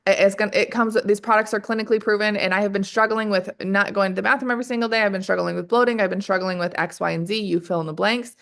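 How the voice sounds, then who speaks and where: Energetic woman sales trainer, mid-range voice, fires off rhetorical questions and keeps addressing the team directly. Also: medium pitch, quick pace, vocal fry, hardly any pauses. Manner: energetic, keeps calling the audience "you guys". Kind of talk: motivational training call.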